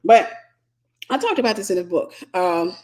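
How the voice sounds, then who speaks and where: A woman's voice: lowish voice, expressive, moderate pace, darkish tone. A woman teaching and mentoring online, telling a personal story in a chatty way with asides to her viewers. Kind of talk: casual storytelling to a live audience.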